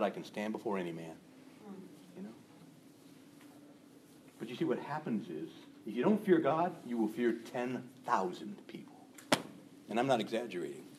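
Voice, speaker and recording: Animated male preacher giving a sermon. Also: medium pitch, a little hiss or hum. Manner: animated, acts out gossiping voices.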